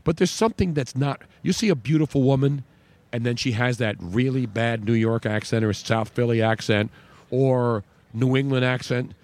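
A man's voice: mid-range voice, steady tone, moderate pace, darkish tone, no echo. Chatty male radio host, emphatic. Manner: chatty, emphatic, repeats words for stress. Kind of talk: casual sports talk with live ad reads.

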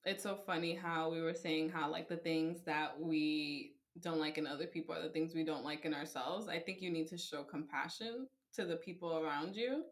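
A woman's voice: low voice, normal speed, hardly any pauses. A young woman in casual chat, reflective and supportive, murmuring agreement as she listens.

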